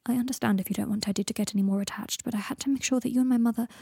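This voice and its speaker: Lady putting on a weary wry young guy in a storybook, husky, close dry sound. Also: on the high side, steady tone, racing, a little mellow, no room sound. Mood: subdued. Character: frail, wry young man facing death.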